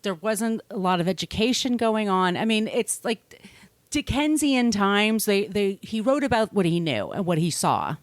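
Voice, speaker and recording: A woman hosting a true-crime podcast, chatty and loose, with plenty of swearing. Her voice sits at a mid pitch and is recorded close and dry. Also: sing-song, normal speed, no room sound. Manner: chatty, swears freely, laughs often. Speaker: podcast host. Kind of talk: casual true-crime storytelling.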